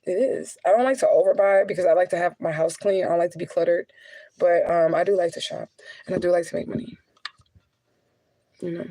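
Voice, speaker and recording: A woman's voice: on the low side, fairly even intonation, brisk, long pauses, dark tone, no echo. A woman talking casually to her viewers in a blunt, profane, chatty way, often laughing between heavier remarks. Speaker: spiritual adviser and vlogger.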